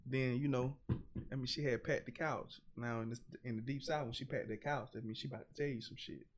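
A man with a drawl tells a story on a podcast as a guest, in a casual, unpolished way. He rambles with plenty of "you know" and "man" and swears freely. His voice sits at an ordinary middle pitch. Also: steady tone, fairly quick, a little hiss or hum. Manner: candid, rambling, profane, with frequent fillers.

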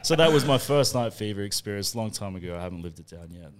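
A man's voice: on the low side, animated, quick pace. A man with an Australian accent, telling a rowdy, laughing anecdote as a podcast co-host. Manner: laughing, swearing, rambling anecdote. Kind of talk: casual storytelling among mates.

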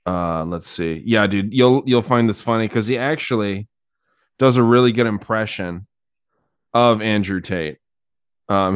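A man's voice: fairly low pitch, moderate pace, smooth, dry recording, studio quality. A man hosting a podcast, chatting casually and crudely with lots of fillers. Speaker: podcast host. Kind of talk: casual chat.

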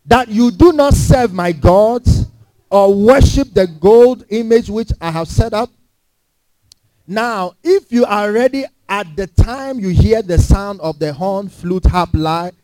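A man's voice: sits high, dark tone, no room sound, rough recording. A preacher reading as a boastful, furious ancient king. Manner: boastful, threatening.

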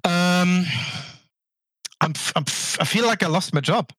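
A man with a German accent chatting casually as a podcast guest, relaxed and a little halting. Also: sits high, no echo. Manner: relaxed, chatty, stumbles and laughs between phrases. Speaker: podcast guest, game server owner. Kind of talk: casual interview chat.

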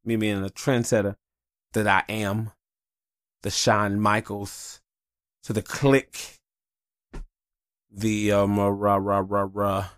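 A man with a low voice hosting a casual solo podcast. He rambles bluntly and swears freely as he talks. The sound is dry, with no room echo. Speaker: podcast host.

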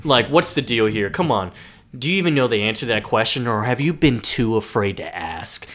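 A man's voice: mid-range voice, animated, a little fast, a bit bright. A man co-hosting a casual rewatch podcast, joking about scenes and quoting the characters. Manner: laid-back, joking, quotes characters. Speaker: podcast co-host. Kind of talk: casual rewatch recap chat.

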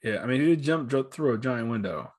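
Mid-pitched man, lively profane chat. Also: brisk. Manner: lively, acts out characters in quoted lines; profane, laughs easily. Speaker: podcast co-host reviewing comics. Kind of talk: casual chat.

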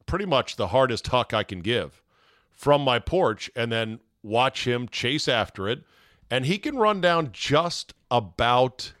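A middle-aged man hosting a podcast, telling a story in a casual, animated way, swearing now and then and acting out his own yelling. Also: medium pitch, no room sound, studio quality. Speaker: podcast host.

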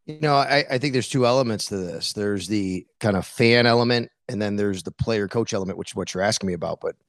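Middle-aged reporter guy on a podcast, tells stories all animated, dry close sound. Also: on the low side, fast, dry recording. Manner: animated storyteller, quotes himself, many fillers. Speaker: sports beat reporter guest. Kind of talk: casual interview talk.

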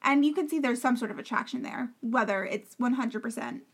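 A woman's voice: a little high, a little fast, husky. A woman co-hosting a podcast, chatting casually and emphatically about a reality TV show. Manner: opinionated, emphatic, talks over the other host. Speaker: podcast co-host. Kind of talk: casual reality-TV recap chat.

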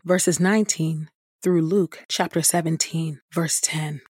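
A woman reading scripture aloud in a measured, even manner. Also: sits low, breathy edge, no room sound, clean studio sound. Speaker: scripture reader.

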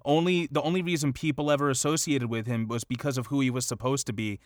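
A man co-hosting a podcast in casual chat, animated and quick to laugh. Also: medium pitch, no room sound, studio quality. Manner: animated, laughs often, tries playful accents. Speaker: podcast co-host.

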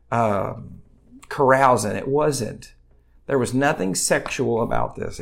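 A male pastor giving a livestreamed sermon, talking in an earnest, conversational way with many fillers, and reading scripture aloud in a louder voice. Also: mid-range voice, creaky. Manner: reads scripture aloud louder and more animated.

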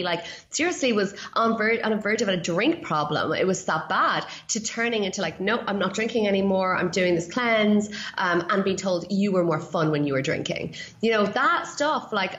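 A woman speaking as a podcast guest and coach, earnest and animated, with lots of casual fillers. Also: mid-range voice. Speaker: guest, feng shui and yoga coach. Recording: roomy, dull lo-fi sound.

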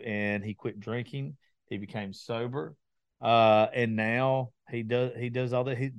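A man hosting a podcast, telling stories in a casual, animated chat. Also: medium pitch, no echo. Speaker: podcast host.

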